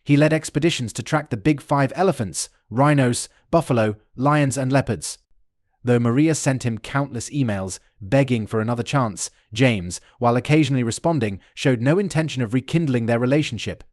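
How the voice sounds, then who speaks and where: A man narrating a dramatic story in an even, steady storytelling delivery. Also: medium pitch, moderate pace, no room sound, clean studio sound.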